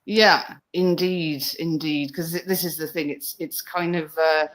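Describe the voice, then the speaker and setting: A woman's voice: sits low, steady tone, unhurried, a bit bright, poor audio. A woman, a guest on a radio chat show, giggly and hesitant, often repeating her words as she talks. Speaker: guest fundraiser.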